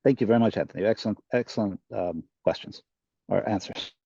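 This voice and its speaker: A man in the audience asks a question over muffled, dull call audio, his voice low and mellow. He halts and searches for words as he explains what he means. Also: quick pace, vocal fry, breathy edge, dry recording. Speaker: audience member. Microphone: video call.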